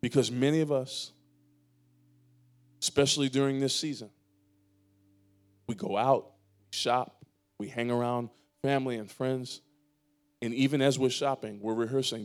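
A man pastor preaches from the stage of a church sanctuary, his voice sitting in an ordinary middle register. He swings between emphatic, louder declarations and hushed, slowed pleas to the congregation. Soft music plays faintly behind him. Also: medium pitch, steady tone. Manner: preaching with emphatic swells and quiet, drawn-out pleas. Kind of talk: sermon.

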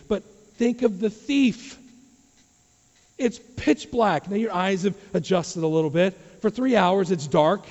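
A man, a pastor, preaching a sermon to his church, dropping to quiet low asides and rising to loud emphatic questions. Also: unhurried. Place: church sanctuary. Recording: dull sound with long hall reverb.

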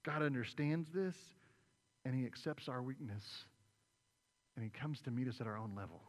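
A man's voice: mid-range voice, normal speed. A man preaching a sermon as pastor, retelling a story vividly and acting out the voices. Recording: long reverb in a large hall.

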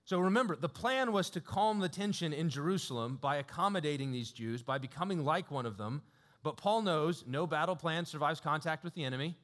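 A man preaching a sermon in a relaxed, conversational storytelling way, chuckling often and using lots of fillers. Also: fairly high pitch, a little fast.

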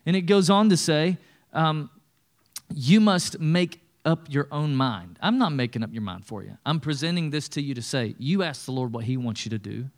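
A middle-aged male pastor preaching a conversational sermon, with lively acted-out asides. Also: a little high, moderate pace.

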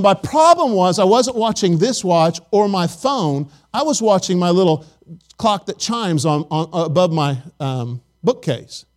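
A man with a high voice preaches in a church. He keeps it loose and chatty, telling stories and asking his listeners for an amen. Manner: chatty storytelling, asks the congregation for amens. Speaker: pastor. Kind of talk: conversational sermon. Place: church sanctuary.

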